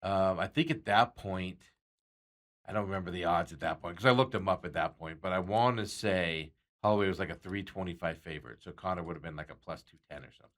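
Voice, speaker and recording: A man's voice: sits low, quick pace, a bit bright. A man hosting a sports talk show, chatting casually about bets and reading out viewer comments with frequent chuckles. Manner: rambling, chuckles often, reads out viewer comments. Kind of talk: casual sports betting chat.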